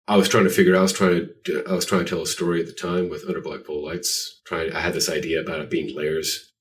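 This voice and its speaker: A man's voice: deep voice, level tone, fast talker. A man guest on a podcast interview, telling rambling, self-deprecating stories. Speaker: guest artist. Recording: voice distant from the mic.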